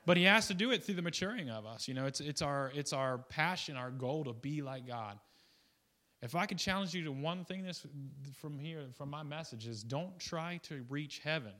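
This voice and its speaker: A man preaching a casual sermon in a bright, somewhat high voice. He rambles and restarts, drops into quiet asides, then jumps up into loud, excited bursts. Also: normal speed. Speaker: guest preacher. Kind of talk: informal sermon.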